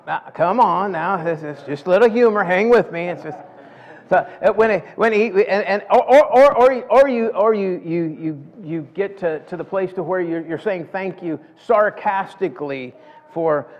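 A man's voice: high-pitched, normal speed. A middle-aged man preaching a sermon in a folksy way, often repeating words as he builds up to a point. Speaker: pastor. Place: church sanctuary. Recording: dull sound with long church hall reverb.

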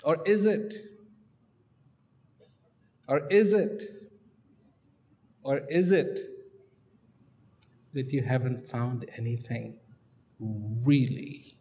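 A man's voice: medium pitch, very slow, long pauses, mellow. A man giving a playful storytelling talk, questioning his audience as a spiritual speaker. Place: large event hall. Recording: long hall reverb.

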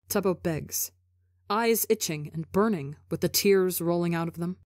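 A woman narrating a fan fiction audiobook in a soft, measured storytelling manner. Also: on the low side, no echo, clean studio sound. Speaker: podcast reader.

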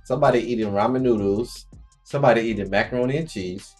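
A man's voice: medium pitch, fast, darkish tone, faint music behind. A man co-hosting a reaction show, chatting casually and teasing his partner with playful questions. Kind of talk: casual chat.

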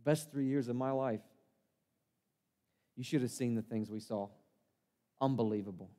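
A man's voice: mid-range voice, normal speed, mellow, natural voice. A man performing a first-person monologue as the disciple Peter, an impulsive, earnest fisherman, telling his story in a conversational, self-deprecating way in a church sanctuary. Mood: reminiscing. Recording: long reverb of a church hall.

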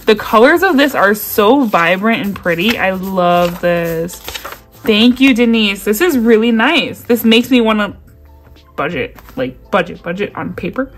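A woman chatting excitedly as she unboxes gifts sent by a friend, gushing, gasping and laughing often. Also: mid-range voice, unhurried, faint music behind. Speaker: YouTube creator unboxing mail.

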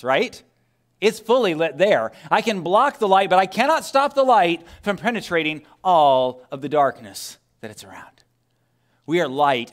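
A male pastor with a somewhat high voice preaches a sermon in a church. He talks in a conversational way, firing rhetorical questions at the congregation and dropping from loud emphasis to a hushed near-whisper. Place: church sanctuary.

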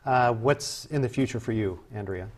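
A man hosting a talk show interview, asking polite, measured questions. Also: medium pitch.

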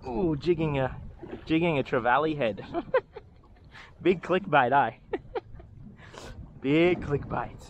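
An Australian man on a small boat at sea, giving excitable running commentary while fishing, swearing, laughing and talking to the fish. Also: fairly high pitch, takes it slowly, long pauses, highs cut off, slight background noise. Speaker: fishing vlogger.

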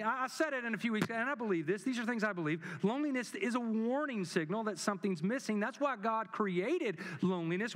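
Male pastor preaching, high voice, keeps repeating lines for punch, big echoey church hall. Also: expressive, brisk, hardly any pauses, fairly bright tone. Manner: preaching with rising emphatic repetition. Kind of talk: sermon. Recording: long hall reverb.

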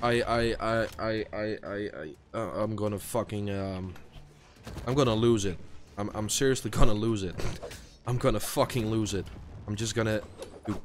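A man's voice: fairly low pitch, fairly even intonation, moderate pace. A tired young man, a non-native English speaker, swearing and muttering to himself during gameplay commentary. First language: not English. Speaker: gaming YouTuber.

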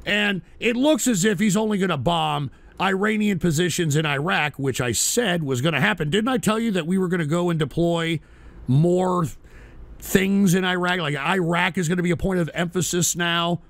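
A male show host with a high-pitched, gravelly voice, recorded dry and close. He rants bluntly and profanely, and his talk keeps breaking into loud shouting. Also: normal speed, no room sound. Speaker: host of a call-in politics show. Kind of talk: casual livestream rant.

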